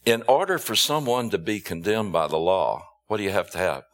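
A man preaching a sermon, emphatic, with rhetorical questions and drawn-out stressed words. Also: fairly low pitch, lively intonation, a bit bright.

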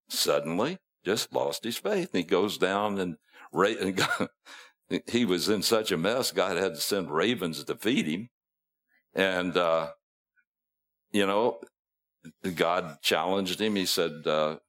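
A man's voice: deep voice, a bit bright. A man preaching a sermon, retelling scripture in a folksy storytelling way, acting out the quotes and chuckling at his own asides.

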